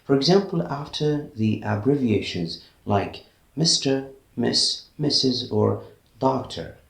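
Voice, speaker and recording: Man with arabic accent teaching english, slow careful words, roomy echo. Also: mid-range voice, expressive, gravelly. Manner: slow, careful enunciation when giving example words. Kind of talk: language lesson to camera.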